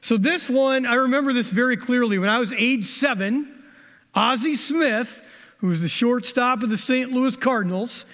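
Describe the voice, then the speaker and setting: A man's voice: very high-pitched, normal speed, fairly bright tone. A middle-aged man giving a sermon, telling folksy, conversational stories and jokes from his own life. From American Midwest. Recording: long hall reverb.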